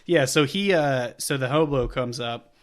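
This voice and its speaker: A man hosting a casual movie podcast, recapping in a rambling way, full of fillers and quick laughs. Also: mid-range voice. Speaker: podcast host.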